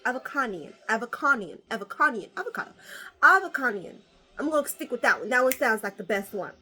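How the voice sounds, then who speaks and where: Woman, casual vlogger, bright voice, slightly high, animated, swears freely. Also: fast, husky, faint music behind. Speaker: vlogger opening card packs. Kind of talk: casual chat.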